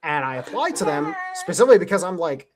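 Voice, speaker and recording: A very animated man with a slightly high voice talks quickly into his headset, hosting a casual panel chat with background noise audible. Hailing from the Cleveland area, USA, he tells wandering stories, swears often, and laughs a great deal.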